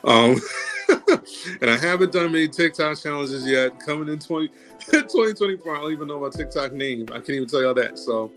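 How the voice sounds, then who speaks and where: A man's voice: fairly high pitch, expressive, fairly quick, fairly bright tone, faint music behind. A man appearing as a podcast guest, an actor and singer who talks in a casual, laid-back and earnest way. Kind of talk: casual chat.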